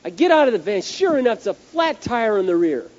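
A man preaching a sermon as pastor, telling a story in an animated, emphatic way, on a dull lo-fi recording. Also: high voice, a little fast.

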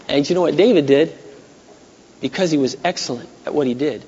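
Brief: male pastor, sermon, storytelling with forceful peaks, lo-fi 1980s church recording. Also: on the high side, lively intonation, fairly quick, slight background noise. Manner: conversational storytelling, rising to loud emphatic peaks. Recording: dull 1980s church recording with long hall echo.

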